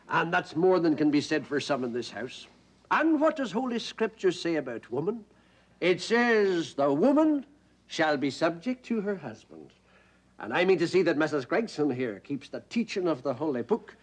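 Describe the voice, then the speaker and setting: An actor playing a drunk, boastful middle-aged Orangeman tenant, swaggering and loud. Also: on the high side, breathy edge. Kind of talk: stage play acting.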